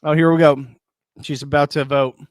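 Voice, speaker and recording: Guy doing a live reaction stream, kinda high voice, laughs a lot, talking right into the mic. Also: level tone, normal speed, clear, resonant tone, no echo, clean studio sound. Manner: chatty, greets viewers in the chat, laughs often. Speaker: reality show reaction host. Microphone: close mic.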